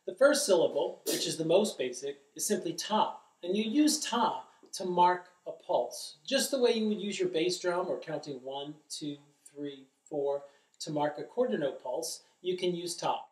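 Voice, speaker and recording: A man's voice: fairly high pitch, expressive, normal speed. A middle-aged man giving a drum lesson, explaining carefully and chanting rhythm syllables aloud. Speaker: drum instructor. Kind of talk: instructional demonstration. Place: drum studio, indoors. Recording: echoey room, distant mic.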